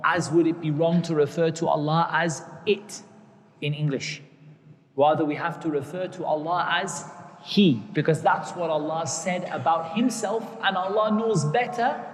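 A man with a high voice teaches a religious lesson, slowly repeating key words so they sink in. He works Arabic terms into his English as he explains. His voice rings out with a long echo, as in a large hall.

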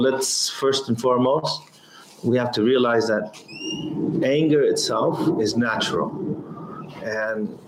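A man giving a religious lesson on hadith, reciting Arabic quickly and explaining in slower, halting English. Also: medium pitch, a little hiss or hum. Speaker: Islamic teacher. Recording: roomy echo with faint ambience.

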